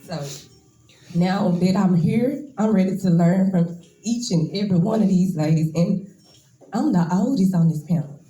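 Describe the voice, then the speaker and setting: A woman's voice: lowish voice, normal speed, mellow, roomy sound, soft background music, rough recording. A woman in her twenties gives a nervous, emotional, casual speech as a braider at a hair shop event. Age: 20s.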